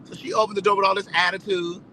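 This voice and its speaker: A man telling a story in a casual, animated, profane way, repeating phrases for emphasis. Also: high-pitched, fast talker, slight background noise, low-quality recording. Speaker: vlogger.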